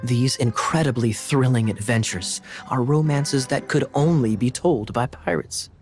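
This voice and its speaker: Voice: medium pitch, a little slow, darkish tone, lightly acted. An actor voicing a dramatic, secretive young man who boasts about a pirate grandfather in a game. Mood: storytelling. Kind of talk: game dialogue. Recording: game audio with faint music.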